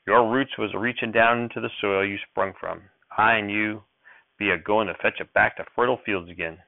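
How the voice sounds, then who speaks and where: A man's voice: fairly low pitch, steady tone, moderate pace, gravelly, dry recording. A man voicing a weary old farmer grandfather. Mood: tender. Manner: soft, quavery, folksy country speech. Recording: dry tinny phone-like sound.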